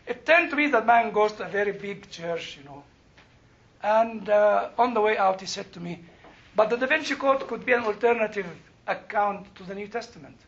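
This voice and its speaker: A man's voice: sits high, normal speed, creaky, lo-fi sound. An older man teaching a Bible class, telling a story with laughter and emphatic outbursts. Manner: animated, laughing, rising to emphatic bursts.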